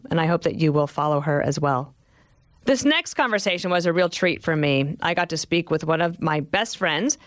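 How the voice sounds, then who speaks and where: A woman's voice: fairly low pitch, no room sound. A woman hosting a podcast, casually interviewing guests and speaking candidly. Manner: candid, admits financial anxiety. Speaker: podcast host.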